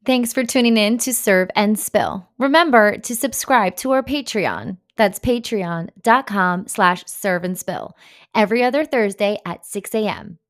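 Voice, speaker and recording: Woman cohosting a podcast, chatty and animated, laughs a lot, middle pitch. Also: unhurried. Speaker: podcast co-host. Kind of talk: casual chat.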